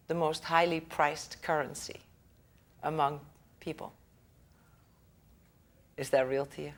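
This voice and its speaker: A woman with a somewhat low voice gives a relaxed talk on raising children, in the manner of a school director. She keeps it chatty, pausing to check in with her listeners, and slips into the voices of the people in her anecdotes. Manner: conversational, checks in with the audience and laughs often; acts out the people in her stories. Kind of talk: lecture to parents.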